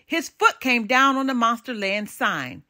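Older woman, storybook read-aloud, animated and expressive, bright, lively pitch. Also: measured pace.

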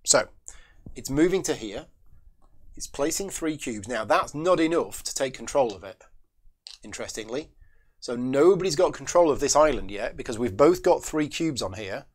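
Man of middle pitch, board game host talking himself through each move. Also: lively intonation, normal speed, slight background noise. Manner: muses aloud, questions and answers himself; chats with viewers between moves. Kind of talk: solo board game playthrough, thinking aloud.

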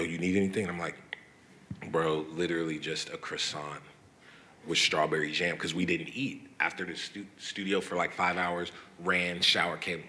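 A young man, a guest artist, telling animated, swearing stories in a casual live question-and-answer session. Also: low-pitched, slight background noise. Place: event hall with audience.

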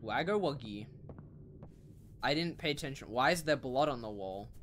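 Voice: mid-range voice, lively intonation, fairly quick, a bit bright, faint music behind. A young streamer playing a horror game, talking in a panicky, slangy way with shrieks and dramatic whining. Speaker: gaming streamer. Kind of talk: horror game let's play commentary.

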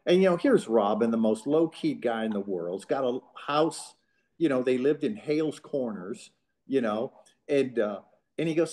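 A man from Southern California co-hosting a relaxed podcast conversation. He tells stories with energy and acts out what other people said. His voice sits at an ordinary, middle pitch. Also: moderate pace. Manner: animated anecdote teller who acts out quotes. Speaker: co-host. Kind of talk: casual podcast chat.

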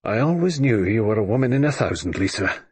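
A man's voice: fairly low pitch, very animated, fairly quick, breathy edge, no echo, heavily acted. A man voicing a kindly, talkative male doctor in an audiobook reading. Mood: genial. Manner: genial, talkative. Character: kindly chatty country doctor. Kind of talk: audiobook character voice.

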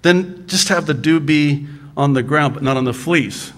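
A man voicing a frightened, reluctant young man who protests and pleads in a raised, higher voice, piling up excuses and repeating himself. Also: moderate pace, big-room sound, lightly acted. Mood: pleading.

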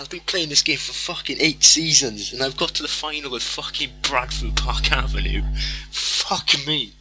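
A young man commentating on his own game. His voice is piercingly bright and tense, and he curses nonstop, dropping to a mutter and then bursting into shouts. Faint game music sits behind him. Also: medium pitch, normal speed, poor audio. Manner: frantic, swearing constantly, muttering under breath then yelling. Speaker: gamer. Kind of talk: live gameplay commentary.

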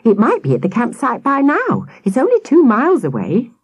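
Storybook boy cub, eager and bright-voiced, a woman puts him on, high and keen. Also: wildly swooping pitch, normal speed, breathy edge, dry recording, heavily acted. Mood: excited. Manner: eager, breathless.

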